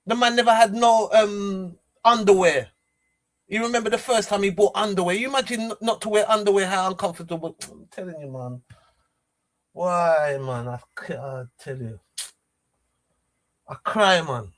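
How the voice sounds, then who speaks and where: A man's voice: high-pitched, moderate pace. A man talking in a rambling, repetitive and emotional way, streaming outdoors near trees. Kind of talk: casual rambling monologue.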